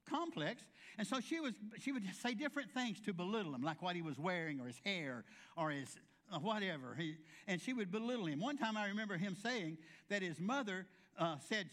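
A man's voice: high voice, lively intonation, fairly quick, a bit bright. A male pastor giving a folksy sermon, telling humorous stories and acting out the voices of the people in them. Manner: folksy storytelling with humorous asides; acts out quoted voices.

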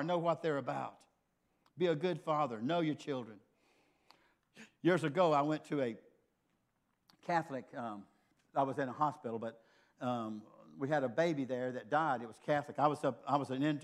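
An older man preaching a sermon, telling a personal story in an earnest, conversational way. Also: mid-range voice.

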